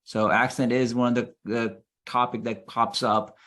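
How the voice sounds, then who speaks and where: A man's voice: mid-range voice, moderate pace. Laughing man on a webinar panel. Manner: animated, laughs often, repeats himself. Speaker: guest speaker on a webinar.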